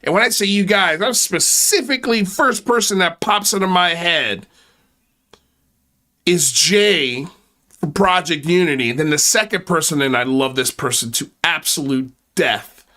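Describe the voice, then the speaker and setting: Bright-voiced sarcastic male host. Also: fairly high pitch, measured pace. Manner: mocking, exaggerated sarcastic asides. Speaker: channel host. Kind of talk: sarcastic commentary.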